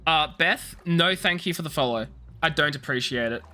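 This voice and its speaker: A man's voice: a little high, normal speed, bright, forceful tone, faint music behind. A young man chatting casually with viewers while streaming a game, teasing and rambling with many restarts. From Australia. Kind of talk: casual live-stream chat.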